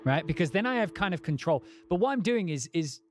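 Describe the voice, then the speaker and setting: A man's voice: on the high side, expressive, fairly quick. A man casually talking through his music production on a livestream, rambling and thinking aloud, with casual swearing. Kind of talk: casual livestream talk while working.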